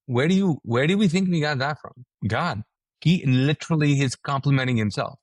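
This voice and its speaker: A man who is a pastor and author talks fairly quickly as a guest, with no echo, in an energetic, casual preaching style. When he quotes people's reactions, he acts them out, his pitch rising.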